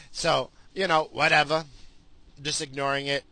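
A man in a profane, angry vlog rant, swearing constantly and bursting into loud outbursts. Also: fairly even intonation, moderate pace, vocal fry. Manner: mocking, drifting into sudden high voices. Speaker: vlogger.

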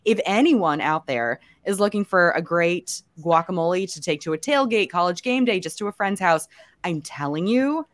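Young woman podcast cohost, raspy from a cold, lowish voice, lots of "like". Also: expressive. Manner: chatty, quick, says "like" often. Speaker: podcast co-host. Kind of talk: casual podcast chat.

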